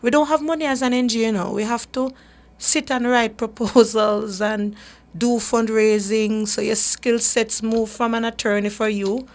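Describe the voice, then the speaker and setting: A woman's voice: fairly high pitch, fairly even intonation, moderate pace. A woman hosting a radio talk show, speaking earnestly and emphatically, often repeating words as she gathers her thoughts. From Jamaica. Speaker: radio show host for a human rights group.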